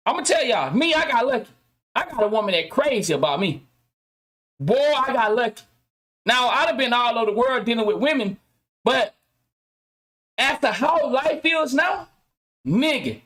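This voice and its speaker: A man with an extremely high, slightly bright voice hosts his own podcast. He rants casually to viewers in loose slang, cursing heavily and restarting his sentences often.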